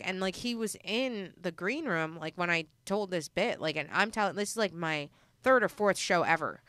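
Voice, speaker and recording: A woman comic tells a story in a loose, rambling way, full of fillers, and acts out the people she quotes. Her voice is bright and crisp, recorded close and dry. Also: mid-range voice, brisk, no room sound. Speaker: stand-up comic and podcast guest. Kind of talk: casual storytelling chat.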